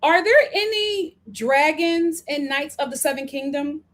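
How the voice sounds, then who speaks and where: Woman streamer, high voice, animated, chatty, playful live commentary. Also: unhurried. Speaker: live-stream host reading viewer comments. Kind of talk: casual live-stream chat.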